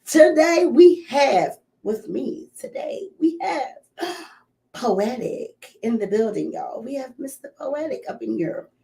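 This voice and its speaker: A woman's voice: high-pitched, expressive, slow pace, creaky, dark tone. A woman with a Philadelphia accent hosting a playful, casual interview, bubbly and teasing. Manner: bubbly and teasing, lots of slang. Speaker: interview host.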